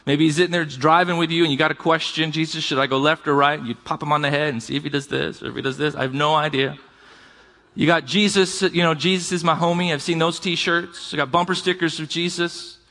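A man's voice: fairly high pitch, flat delivery, fairly quick, gravelly, sharp tone. A man preaching a sermon as pastor, talking conversationally and calling out to his congregation. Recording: long reverb of a large hall.

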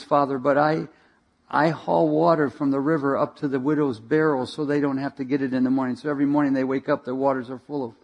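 A man voicing a humble, devout elderly water carrier who speaks softly and earnestly, in a sermon story. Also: a little high, vocal fry.

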